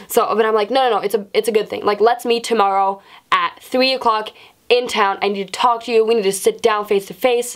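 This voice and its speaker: A young woman vlogger telling a storytime tale, swearing freely and acting out quotes dramatically. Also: medium pitch. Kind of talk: storytime vlog.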